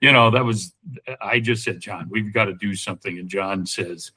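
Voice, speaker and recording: Man in his sixties, podcast guest, husky voice, low pitch, rambling and full of fillers. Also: moderate pace, sharp tone, rough recording. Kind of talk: casual interview talk.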